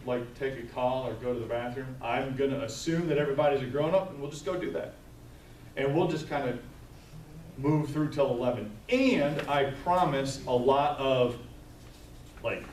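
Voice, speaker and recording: A man's voice: medium pitch, darkish tone. Guy running a staff training, chatty storyteller, sounds far from the mic in a roomy echoey space. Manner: conversational, storytelling, tags points with "right?". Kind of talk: live training presentation. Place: training room with tables. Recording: echoey room, mic far off, faint noise.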